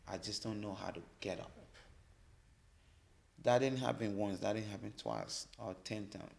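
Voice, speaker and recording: A man from Liberia, a podcast guest telling his personal story in a halting way, often repeating words as he restarts. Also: fairly low pitch, steady tone, gravelly.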